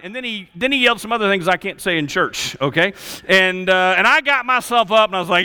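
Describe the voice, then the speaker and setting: A man preaching a sermon, telling stories in an animated, casual way. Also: high voice, fairly quick, clean tone. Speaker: pastor. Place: church hall. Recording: reverberant church hall.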